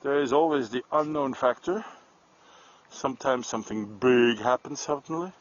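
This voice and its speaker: A man's voice: medium pitch, moderate pace, muffled recording. A man hosting a casual night-time livestream outdoors, chatting and joking as he walks. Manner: chatty, joking, talks to his dog. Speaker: live-stream host. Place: outdoors at night on a country road.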